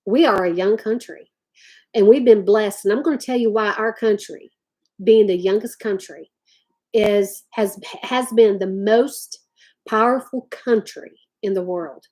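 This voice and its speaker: A woman's voice: mid-range voice, unhurried, a little mellow. A woman ranting to her viewers. She talks emphatically and drawls "y'all" often. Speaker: vlogger talking to live chat. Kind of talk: impassioned rant to viewers.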